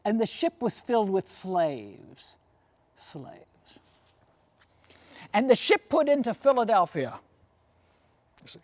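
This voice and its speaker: A woman's voice: mid-range voice, a little mellow. A woman lecturer and tour guide telling history as a story, posing questions to her audience and often adding "you see".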